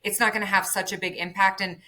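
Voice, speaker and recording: A woman with a bright, forward voice talks as an interview guest, explaining technical ideas through everyday analogies. She keeps checking in with the listener and slips into quoted voices as she goes. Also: medium pitch, fast talker. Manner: animated, explains with everyday analogies, says "right?" often. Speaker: neurofeedback clinic executive, guest. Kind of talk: conversational interview.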